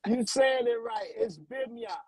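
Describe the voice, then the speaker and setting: A man's voice: very high voice, measured pace, a crowd in the background, rough recording. A man, a guest artist on a radio show, talking in a laid-back, slangy way and often repeating himself. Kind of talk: casual radio interview chat.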